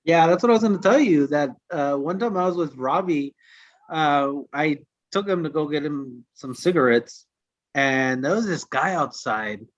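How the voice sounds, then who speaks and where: A fairly high-voiced man tells a profane, animated story as a podcast co-host. He swears constantly and acts out every quote. The sound is dry and dull, like a cheap mic. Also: moderate pace, no room sound.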